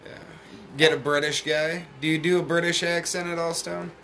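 A man hosting a podcast in easygoing, foul-mouthed chat that breaks into laughter. His voice sits a little high with a sharp, bright edge, and a faint hiss of noise sits under it. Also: flat delivery, normal speed, creaky. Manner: loose, profane and laughing. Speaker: podcast host. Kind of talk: casual chat.

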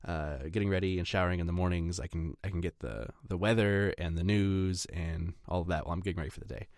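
A very deep man's voice in a dry, close recording, co-hosting a laid-back tech chat. He chuckles easily and cuts in with short, curious questions. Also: fairly even intonation, a little mellow, no room sound. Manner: chuckling, quick questioning listener. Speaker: podcast co-host.

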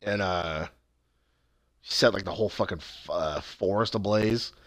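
Low-voiced laid-back man chatting. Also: a little slow, fairly bright tone, dry recording, clean studio sound. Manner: laid-back, profane, mumbling fillers. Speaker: friend on voice call. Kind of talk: casual chat over voice call.

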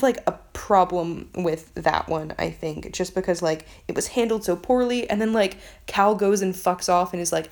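A young woman vlogging a casual book review, rambling with lots of fillers and frequent swearing. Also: fairly low pitch.

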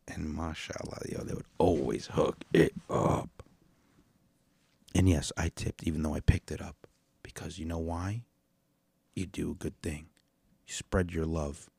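A man with a low voice hosts his podcast, rambling and cursing his way through comic commentary. He is recorded close and dry, with no room sound around him. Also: unhurried, gravelly, pauses often, husky, dry recording. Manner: rambling, profane, animated storyteller. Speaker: podcast host reacting to videos. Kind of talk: casual comedic commentary.

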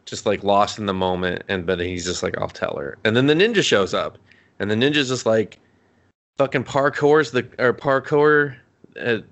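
A man co-hosting a podcast, recapping a show in casual chat, swearing a lot and rambling with animated asides. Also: lowish voice, normal speed. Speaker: podcast co-host.

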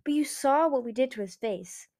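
A woman's voice: high voice, expressive, moderate pace, darkish tone, pitched above the performer's own voice. Woman voicing an earnest young dragon girl. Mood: reassuring. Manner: earnest, firm.

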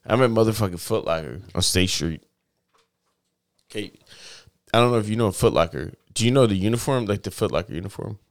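A man co-hosting a podcast in casual chat, an animated storyteller who swears a lot and jumps into voices. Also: on the low side, a little fast, long pauses. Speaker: podcast co-host.

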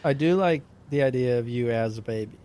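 A man's voice: medium pitch, brisk, mellow, slight background noise. A man co-hosting a podcast, teasing his friend with playful ribbing in casual banter. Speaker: podcast co-host.

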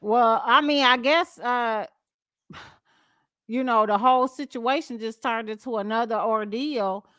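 A woman's voice: fairly high pitch, takes it slowly, a bit bright, clean tone, no room sound, studio quality. Bubbly gossip-show host woman. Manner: reacts with sighs and laughs, reads posts aloud with censored words. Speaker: podcast host. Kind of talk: casual gossip chat.

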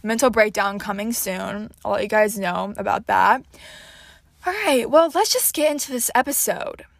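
A woman's voice: mid-range voice, lively intonation, moderate pace, vocal fry, dry recording, studio quality. A nineteen-year-old woman from Houston hosting her podcast in a casual, scatterbrained chat with lots of fillers. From Houston, Texas. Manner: chatty and scatterbrained, many fillers. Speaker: podcast host.

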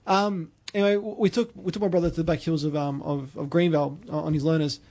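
Fast-talking Australian man telling stories. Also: on the high side, fairly even intonation, darkish tone. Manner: rambling storyteller with many restarts. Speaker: podcast host. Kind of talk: casual chat.

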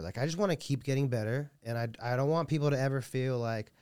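A man's voice: mid-range voice, fast talker, hardly any pauses, a little mellow, clear, resonant tone, no echo, clean studio sound. A man speaking as a jiu-jitsu coach in a casual podcast interview, rambling and earnest with many restarts. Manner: earnest and heartfelt.

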